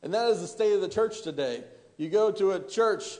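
A man's voice: high voice, lively intonation, moderate pace, a little mellow. Man preaching in a reverberant hall. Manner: rhetorical questions to the congregation, frequent restarts. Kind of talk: sermon.

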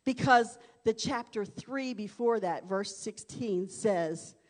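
A woman preaching a sermon, swinging from hushed, quiet stretches to loud, fervent shouting. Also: medium pitch, slow.

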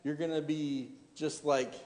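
A man preaching a sermon, his fairly high voice carrying long reverb through a church hall. He asks the congregation rhetorical questions and often restarts his phrases. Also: steady tone, unhurried, darkish tone.

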